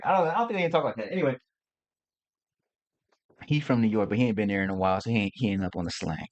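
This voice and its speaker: A man's voice: on the low side, expressive, racing, long pauses. A middle-aged man hosting a casual livestream, talking to viewers in a loose, playful, slangy way. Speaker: host.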